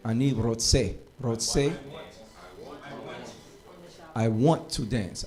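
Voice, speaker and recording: A man teaching a live classroom lesson, lively and joking, urging his students like a preacher. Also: fairly high pitch, moderate pace. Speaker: Hebrew teacher.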